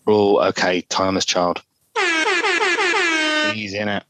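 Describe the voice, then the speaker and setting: A man's voice: sits low, flat delivery, measured pace, fairly bright tone, no echo, lo-fi sound. A man co-hosting a podcast, bantering casually and acting out silly little scenes. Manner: jokey, acts out silly scenes in put-on voices. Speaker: podcast co-host.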